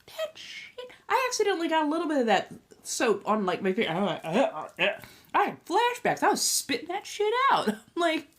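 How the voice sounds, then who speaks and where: Animated, profane woman chatting on a livestream. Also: mid-range voice. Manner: profane, animated ranting with frequent laughter. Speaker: livestream host and tarot reader. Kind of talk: casual livestream chat.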